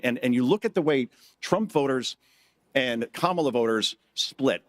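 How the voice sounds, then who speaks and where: A middle-aged man with a mid-range voice speaks at normal speed from a conference hall stage. In his live talk he tells jokey stories, acting out quotes in shifting voices.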